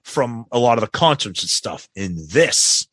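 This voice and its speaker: A man co-hosting a podcast, telling a crude, animated story in casual chat. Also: mid-range voice, a little slow, no room sound. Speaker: podcast co-host.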